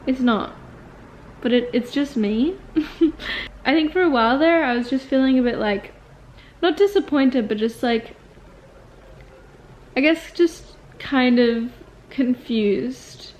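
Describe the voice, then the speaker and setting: A woman's voice: high-pitched, slow, pauses often, darkish tone, a little hiss or hum, rough recording. A woman in her twenties talking to her viewers in a casual confessional vlog, chatty and rambling with lots of "like" fillers. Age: 20s. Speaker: vlogger and acting student.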